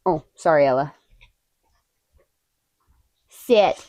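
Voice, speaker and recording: A woman livestreaming in casual chat with her viewers, animated, swearing freely and talking to her dogs. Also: low-pitched, drawn-out words.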